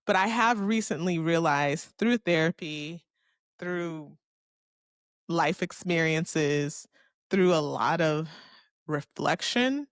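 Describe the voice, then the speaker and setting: A woman's voice: fairly low pitch, no room sound, clean studio sound. Candid, chatty woman podcaster from Miami. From Miami, Florida. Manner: candid and chatty, curses freely, talks to herself. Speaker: podcast host. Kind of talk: casual solo podcast storytelling.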